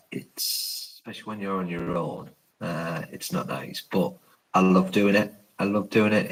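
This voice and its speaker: Brief: deep-voiced man on a late-night ghost hunt, speaking softly and unhurried, rambling to a live chat. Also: rough recording. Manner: hushed, rambling with many ums. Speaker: paranormal investigator. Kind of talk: live stream, answering chat. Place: indoors, a shop at night.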